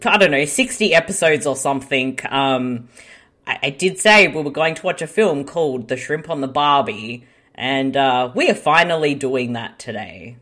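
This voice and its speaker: A woman's voice: very deep voice, lively intonation, moderate pace, a bit bright. An upbeat, chatty Australian woman hosting a podcast in a casual chat style. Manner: upbeat, chatty, laughs easily. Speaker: podcast host.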